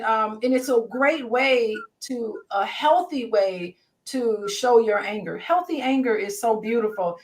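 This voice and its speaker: Woman host, high voice, lively chat-reader. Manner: lively, reads viewer comments aloud. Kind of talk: live-stream panel hosting.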